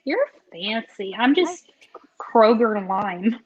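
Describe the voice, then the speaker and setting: A woman's voice: on the high side, very animated, takes it slowly, husky, dull audio. A woman, a guest on a casual cooking chat, playful and sassy as she jokes about her own cooking. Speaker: podcast host, guest.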